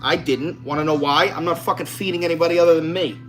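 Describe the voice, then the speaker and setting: This home cook vlogger talks quickly in a slightly high, somewhat bright voice with fairly even intonation. He cooks in his own kitchen and chats to camera, joking brashly and swearing freely, while music plays behind him.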